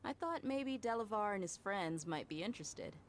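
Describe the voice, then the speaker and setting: A woman's voice: mid-range voice, animated, moderate pace, a little hiss or hum, close to an everyday voice. An actress playing a confident woman mercenary in a game, frank and easygoing. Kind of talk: game voice acting.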